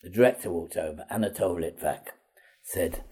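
An older man, an actor, telling anecdotes in an interview, chatty and animated, acting out the voices of the people in his stories. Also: on the low side, moderate pace, husky. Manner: chatty raconteur, acts out quoted voices, laughs at own stories. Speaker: comedy actor guest.

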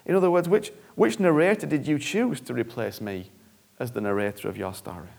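A man's voice: medium pitch, fairly quick, creaky, darkish tone, breathy edge. A male preacher giving an earnest, conversational sermon that often repeats phrases for emphasis.

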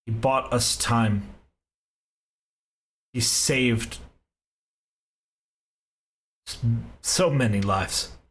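A man as game master, narrating a tabletop game in deliberate storytelling with pauses. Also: medium pitch, fairly bright tone, low-quality recording.

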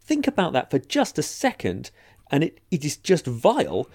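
A man co-hosting a podcast, chatting about a film in an animated, jokey way. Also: on the high side, normal speed. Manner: animated, jokey, does mock quotes. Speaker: podcast co-host. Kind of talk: casual film discussion.

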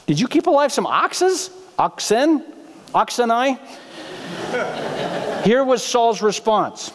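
High-voiced joking preacher in an echoing church. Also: male voice, very animated, slow pace, long pauses. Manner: humorous, conversational, asks the congregation questions. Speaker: pastor. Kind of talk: sermon. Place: church sanctuary.

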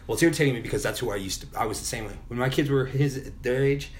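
A man's voice: medium pitch, racing, slight background noise. A middle-aged man telling a personal story in a casual podcast chat, candid and full of swearing. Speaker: podcast guest.

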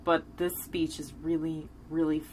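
Low-voiced woman rambling thru a tv episode recap, swears a lot, super casual. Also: little pitch movement, a little slow, a little mellow, slight background noise, rough recording. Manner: frank and chatty, swears freely, many fillers. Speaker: TV episode reviewer.

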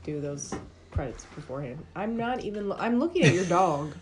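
A woman's voice: on the low side, animated, fairly quick, slight background noise. A woman co-hosting a casual film podcast, blunt and opinionated in her views. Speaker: podcast co-host. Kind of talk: casual chat about a film.

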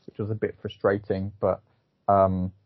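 A man's voice: lowish voice, level tone, moderate pace, dry recording. A man co-hosting a casual film review podcast, talking in a hesitant, rambling way with many fillers. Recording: phone-like thin sound, dry.

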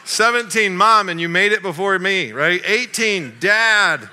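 A middle-aged man, a pastor, preaching a sermon through a family story and acting out the dialogue. He swings between loud excitement and quiet asides. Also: high voice, a little slow, clear, resonant tone.

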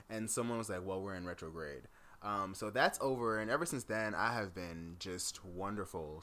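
A man co-hosting a podcast in casual chat, chatty and quick to laugh while telling stories. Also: fairly low pitch. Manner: chatty, laughs often, animated storytelling. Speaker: podcast co-host.

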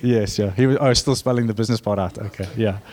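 A young man preaching a sermon, animated and joking with the congregation, building to fervent emphasis. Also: on the low side, fast. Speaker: pastor.

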